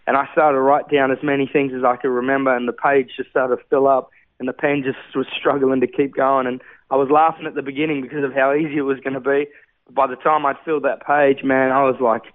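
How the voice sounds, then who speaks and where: A man's voice: mid-range voice, flat delivery, fairly quick, no echo. A man, telling his personal testimony in an earnest, heartfelt way with many fillers. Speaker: guest sharing testimony. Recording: tinny phone-like radio sound.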